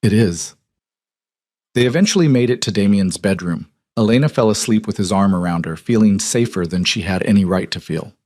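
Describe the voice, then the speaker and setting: A man narrating a romance audiobook in calm, measured tones. His voice sits low and the recording is dry and close. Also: no echo. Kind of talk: scripted narration.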